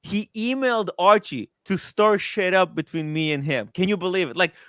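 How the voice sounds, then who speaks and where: An excitable man hosting a casual livestream, chatting with guests and the chat. His voice is crisp and smooth, sitting a little high for a man. It is recorded close and dry on a studio mic. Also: no echo. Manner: excitable, animated, quick asides to chat. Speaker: livestream host. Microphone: studio microphone.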